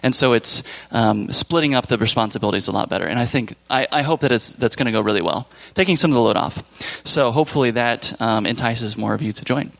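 A man's voice: medium pitch, fast talker, creaky, hardly any pauses, fairly bright tone. A man leading a church service gives casual, rambling announcements and loses his train of thought. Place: church sanctuary.

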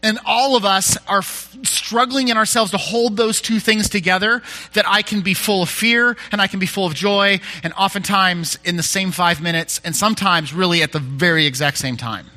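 Bright high-voiced male pastor preaching. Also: moderate pace, few pauses. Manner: conversational, frequent restarts and self-corrections; candid and self-deprecating. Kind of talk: sermon.

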